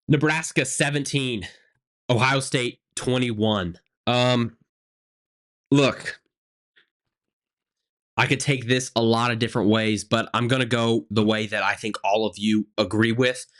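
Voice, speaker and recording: A man's voice: mid-range voice, a bit bright. A man hosting a college football reaction show, talking emphatically and repeating phrases for effect. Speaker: sports show host.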